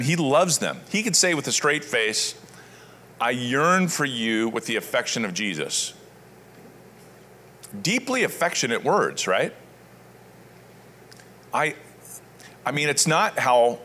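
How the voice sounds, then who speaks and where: A man's voice: medium pitch, sing-song, measured pace, long pauses, pushed and bright, slight background noise. A man preaching a sermon, reading scripture aloud and then explaining it in a conversational way. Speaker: pastor.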